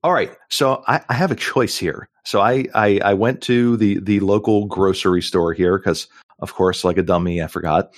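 A man's voice: deep voice, moderate pace, dry recording, studio quality. A middle-aged man co-hosting a podcast in casual chat, jokey and rambling with lots of fillers. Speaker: podcast co-host.

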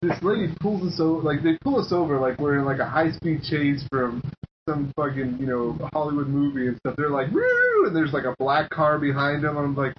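Animated, swearing podcast guy. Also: a little high, fairly quick. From United States. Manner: animated, swearing, acts out quotes. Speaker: podcast co-host. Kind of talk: casual storytelling chat. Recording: dull lo-fi podcast audio with faint hiss.

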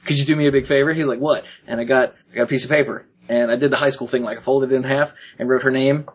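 A man with a husky, slightly breathy voice tells a rambling personal story in casual chat, jumping into quoted voices of the people in it and laughing along the way. His pitch sits in an ordinary middle range. The recording is dull and lo-fi. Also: quick pace. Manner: animated, acts out quoted voices, laughs often. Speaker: podcast co-host.

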